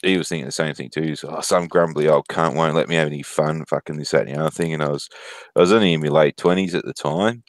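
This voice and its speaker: Here an Australian man in his thirties, voice rumbling low and pace quick, laughs his way through profanity-laced stories during a casual stream. The recording is dry.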